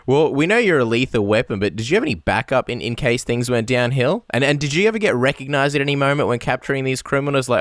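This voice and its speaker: A man hosting a radio interview, quick and jokey with his guest. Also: medium pitch, lively intonation, fairly bright tone, dry recording, clean studio sound. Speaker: radio show host.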